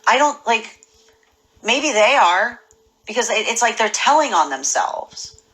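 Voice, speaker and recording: A woman giving a casual spoken tarot reading, animated and full of restarts and repeated words. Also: a little high, a little slow, rough recording. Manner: acts out imagined people's voices. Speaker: tarot reader.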